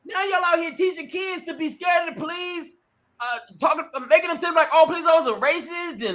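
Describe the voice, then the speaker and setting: A male talk show host with a very high-pitched voice speaks fairly quickly, delivering emphatic opinion commentary. He acts out little scenes and calls his listeners "ladies and gentlemen."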